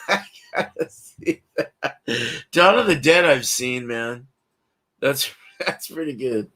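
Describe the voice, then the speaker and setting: A man's voice: a little high, animated, drawn-out words, pauses often, fairly bright tone. A man hosting a livestream, chatting casually with viewers in a laid-back, slangy way and laughing often. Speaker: livestream host. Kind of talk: casual chat with live chat.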